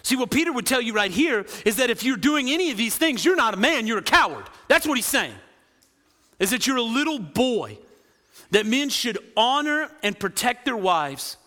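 A man preaching a lively sermon, often asking the crowd "right?" and acting out quoted voices. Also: very high voice, normal speed, big-room sound. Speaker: pastor.

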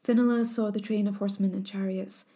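A woman storyteller reads an old legend in a measured, solemn cadence. Her voice is mellow and warm, never bright or sharp. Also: mid-range voice, fairly even intonation. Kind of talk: scripted narration of a legend.

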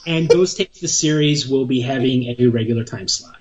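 Husky Midwestern man on a muffled line. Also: medium pitch, moderate pace, darkish tone. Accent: Midwestern American, Chicago. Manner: jokey, laughs easily. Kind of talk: casual radio banter.

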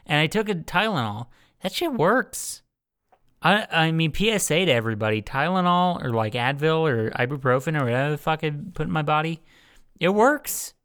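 Smooth-voiced young man hosting a podcast. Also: a little high, lively intonation, normal speed, a bit bright, no echo, clean studio sound. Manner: teasing, swears freely. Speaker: podcast host. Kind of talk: casual podcast chat.

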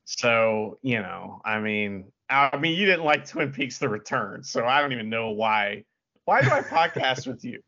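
A man with a bright, sharp tone and a lively, swooping pitch banters on a podcast. He teases with sarcastic, mock-angry jabs. The audio is slightly dull and lo-fi. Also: unhurried. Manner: playful mock outrage, sarcastic teasing. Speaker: podcast co-host. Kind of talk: casual chat.

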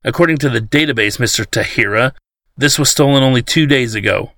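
A man voicing a stern government agent captain with a gruff, monotone, almost robotic delivery. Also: mid-range voice, brisk, dry recording, clean studio sound, natural voice. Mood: accusing. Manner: cold, robotic.

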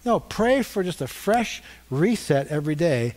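A man's voice: on the high side, big pitch swings, measured pace, darkish tone. A middle-aged male pastor preaching a conversational sermon, getting the congregation to respond.

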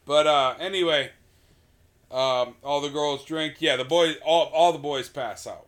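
A man's voice: a little high, unhurried, a bit bright. Man recapping a movie casually. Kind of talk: casual podcast chat about a movie.

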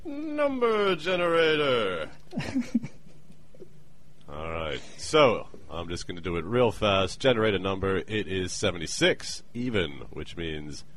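Brief: low-pitched male podcast host, lively swinging delivery, playful and joking. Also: a little hiss or hum. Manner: playful, jokey, with quick put-on voices. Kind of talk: casual chat. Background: skype call with co-host.

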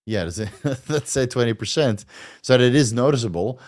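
A man's voice: mid-range voice, expressive, normal speed, a little mellow. A man hosting a podcast in a casual, rambling chat, full of fillers and self-corrections. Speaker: podcast host. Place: lives in Thailand.

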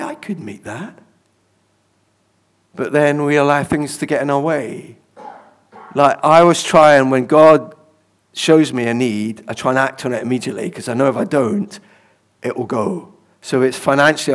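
A man preaching in a conversational way, telling personal stories with fillers and chuckles. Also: mid-range voice.

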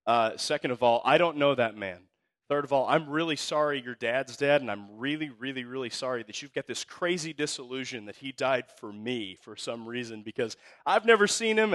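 A man's voice: medium pitch, a bit bright, no room sound, natural voice. A man voicing an awkward, baffled young man who is skeptical and flustered at a stranger.

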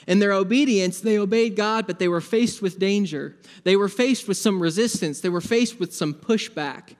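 A man's voice: sits high, normal speed. A man preaching a sermon as pastor, conversational and building emphasis through repeated phrases. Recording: long reverb of a large hall.

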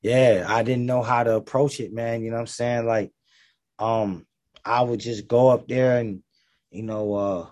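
A man with a gravelly voice, a rapper talking in a casual interview, laid-back and full of slang and fillers. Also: medium pitch, fairly even intonation, unhurried, darkish tone, dry recording.

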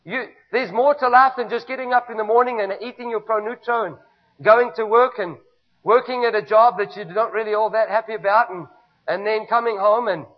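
A South African pastor with a high-pitched voice preaches a sermon in church at a fairly quick pace. He is emphatic and repetitive, urging the congregation to answer him. The recording is dull and lo-fi.

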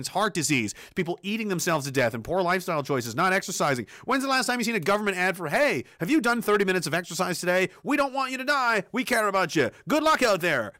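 Ranting male commentator, high animated voice, bright and dry, swears and mocks with put-on voices. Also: no echo. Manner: animated, mocking impressions, swears a lot. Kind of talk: profane ranting monologue.

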